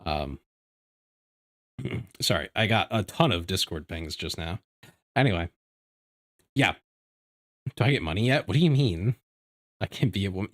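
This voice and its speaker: A man streaming from home, chatting casually with his viewers in a rambling, animated way, often restarting his sentences. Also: on the low side. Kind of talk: casual livestream chat. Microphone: desk microphone.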